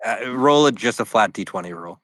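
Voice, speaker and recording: A man with a deep, low voice narrates a tabletop game as dungeon master. He slips into character quotes and laughs between lines. The sound is dry and close. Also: animated, fairly quick, fairly bright tone, no echo.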